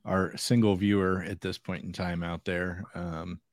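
A man's voice: sits low, level tone, a little slow, dry recording, studio quality. A man co-hosting a security podcast in an easygoing, self-deprecating chat who laughs often. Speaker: podcast co-host. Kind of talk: casual chat.

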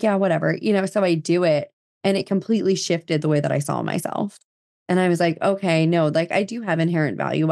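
Chatty low-voiced woman from New Jersey. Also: no echo, clean studio sound. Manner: chatty, many fillers and quoted dialogue. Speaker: podcast guest. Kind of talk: casual storytelling.

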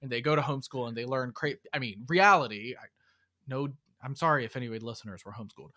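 A man co-hosting a podcast, recapping a movie in casual chat, sarcastic and often mock-quoting in a flat undertone. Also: mid-range voice, fast talker. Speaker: podcast co-host.

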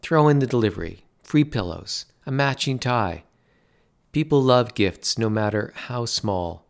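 A man's voice: medium pitch, expressive, a little slow, creaky, voice pushed up. A man voicing an eager, self-satisfied father who is an extravagant salesman. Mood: enthusing.

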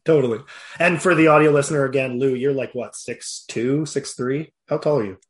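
A man hosting a podcast, chatting casually and chiming in to agree with his guest. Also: medium pitch. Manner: agreeable, quick to chime in. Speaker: podcast host. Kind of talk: casual interview chat.

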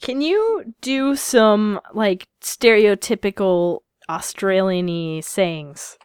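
An American woman asking playful, curious questions in relaxed chat. Her voice is smooth and resonant and her pitch moves freely. The sound is dry and close. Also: slow, no echo. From United States. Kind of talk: casual chat.

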